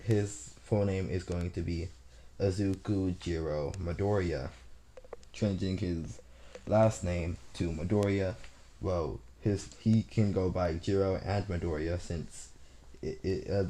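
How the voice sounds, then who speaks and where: Male storyteller, deep and mellow voice, loosely improvising a fan story while working out the plot aloud. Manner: thinking aloud, plotting as he goes. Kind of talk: casual improvised story retelling.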